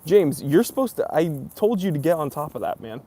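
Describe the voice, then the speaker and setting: Man, gravelly voice, casual live stream host, reads out comments, chatty, lots of ums. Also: on the high side, big pitch swings, brisk, mellow. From near New York. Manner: reads viewer comments aloud, chatty with many fillers.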